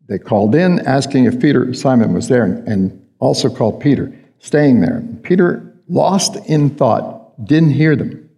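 In a recording with long hall reverb, a male pastor speaks in a mid-range, darkish voice. His sermon is conversational, and he frequently asks the congregation questions.

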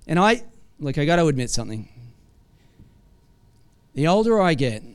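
High, clear-voiced man preaching a sermon. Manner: conversational, quizzes the congregation with frequent "right?"; animated storytelling with acted-out asides.

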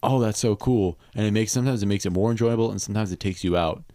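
A man who is a musician, a guest on a podcast, talking in a rambling, halting, giggly way. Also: on the low side, warm tone, dry recording, studio quality. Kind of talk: casual chat.

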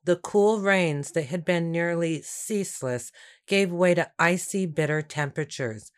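A woman narrating a historical tale as scripted storybook narration, measured and even. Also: on the low side, clear, resonant tone.

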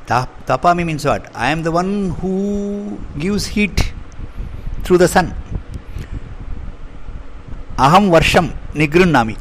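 A man teaching scripture to his members, chanting verses slowly and then explaining each line. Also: high-pitched, animated, slight background noise.

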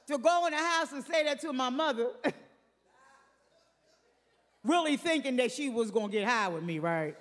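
A woman's voice: on the high side, expressive, a little slow, in a large hall. An older woman preaching a sermon, emphatic, repeating her phrases and calling out to the congregation.

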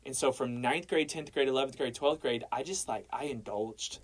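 A young man appears as a guest to share his personal faith testimony, telling it casually like a story and dropping "man" and "bro" along the way. His voice is medium-pitched and husky, at a moderate pace. The recording is low quality.

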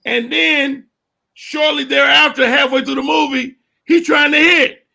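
A man co-hosting a comedy podcast, telling a story with animated acted-out bits. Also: extremely high pitch, a little slow, gravelly. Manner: animated, acting out scenes and shouting quotes. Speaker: podcast co-host. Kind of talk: comedic debate banter.

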